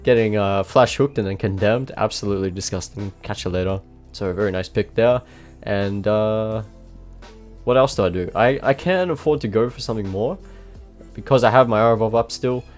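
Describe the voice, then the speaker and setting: A man's voice: fairly low pitch, normal speed. A young man giving casual, rambling gameplay commentary, swearing often and restarting his sentences. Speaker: gaming video creator. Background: faint background music.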